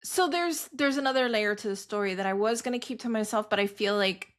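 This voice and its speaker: A woman's voice: medium pitch, a little fast. A woman co-hosting a podcast, casually and candidly telling a family story and acting out the dialogue. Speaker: podcast co-host. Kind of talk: casual chat.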